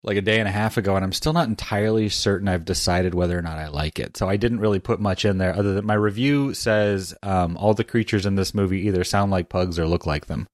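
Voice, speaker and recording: A man with a somewhat low voice co-hosts a podcast in casual chat. He rambles and pokes fun at himself as he talks. The recording is dry and close. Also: quick pace, hardly any pauses, no room sound. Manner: self-deprecating, rambling. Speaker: podcast co-host.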